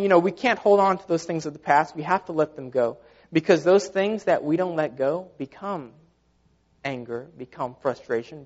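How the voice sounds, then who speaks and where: A man preaching a sermon in an earnest, conversational way, often saying "you know", recorded with a dull, lo-fi sound. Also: a little high. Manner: earnest, conversational with repeated fillers.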